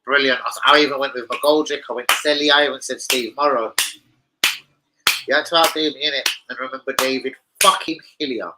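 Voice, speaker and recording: A man's voice: mid-range voice, steady tone, a little fast, heavy background noise. A young man hosting a live football stream, rambling and swearing as he bants with his chat. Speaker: football channel livestream host.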